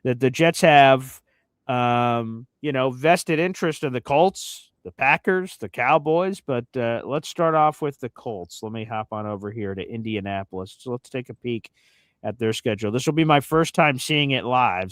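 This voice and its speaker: A man hosting a casual sports talk show, excitable and mocking as he talks. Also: medium pitch, moderate pace, no room sound. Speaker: sports podcast host.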